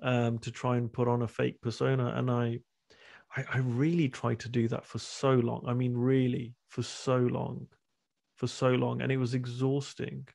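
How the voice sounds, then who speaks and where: Guy in his 30s on a video call, gravelly voice, pretty flat delivery, keeps restarting. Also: mid-range voice, moderate pace. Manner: candid, repeats and restarts words. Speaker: guest speaker and men's retreat coach. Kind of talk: casual conversation on a video call.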